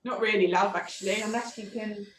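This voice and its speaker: A woman's voice: mid-range voice, brisk, slight background noise. A woman, a podcast guest telling a personal story frankly and animatedly. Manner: animated, frank, acts out quoted dialogue. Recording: roomy echo.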